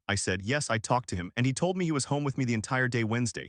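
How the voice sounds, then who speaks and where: A man reading a first-person story aloud in a calm, slow, even scripted narration meant for listeners falling asleep. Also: mid-range voice, no room sound, studio quality.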